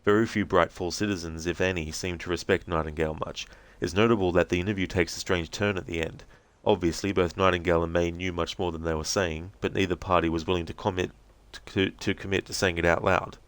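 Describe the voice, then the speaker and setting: A man's voice: low voice, fairly even intonation, brisk, a bit bright, dry recording. A man streaming a game playthrough, chatting offhand and reading background notes aloud.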